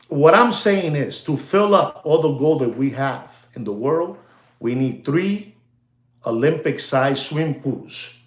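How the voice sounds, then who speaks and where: A man hosting a watch livestream in a casual, animated and rambling way, addressing viewers as ladies and gentlemen and dropping in Spanish phrases. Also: medium pitch, echoey room.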